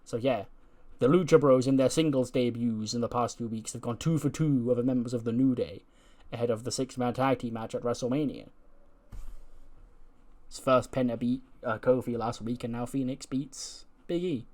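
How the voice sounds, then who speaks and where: A man hosting casual game commentary, chatty and animated. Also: medium pitch, normal speed. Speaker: gaming channel host.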